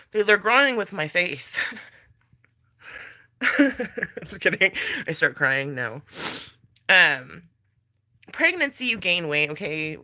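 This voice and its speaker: A woman's voice: low-pitched, pushed and bright. A pregnant woman vlogging in casual chat, blunt and chatty, swearing freely and laughing between thoughts.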